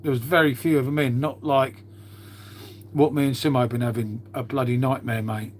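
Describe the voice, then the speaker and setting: A man's voice: mid-range voice, fairly even intonation, a little fast, slight background noise. A middle-aged man rambles casually to his live-stream viewers, calling everyone mate and musing aloud while he tidies up. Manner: laid-back, calls everyone mate, muses aloud while tidying.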